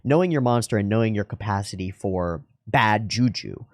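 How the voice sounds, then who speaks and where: An anime reaction channel host thinks aloud in earnest, offering reflective, musing commentary that keeps restarting. His voice is fairly low and expressive, at a moderate pace, recorded dry with studio quality.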